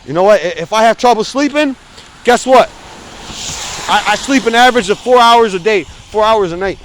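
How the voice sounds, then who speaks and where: A high-voiced man in his forties rants bluntly while walking down a cold city street, swearing freely. He holds his phone as he talks, and faint traffic hums behind him on the outdoor recording. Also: expressive, normal speed, a bit bright. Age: 40s. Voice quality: frequent swearing, blunt and emphatic. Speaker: vlogger. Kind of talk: casual walking vlog rant. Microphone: phone camera held while walking.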